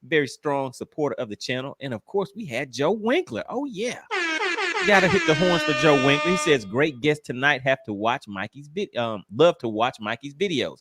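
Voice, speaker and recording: Lively joking man hosting a stream. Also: mid-range voice, normal speed. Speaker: live stream host. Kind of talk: casual live stream chat.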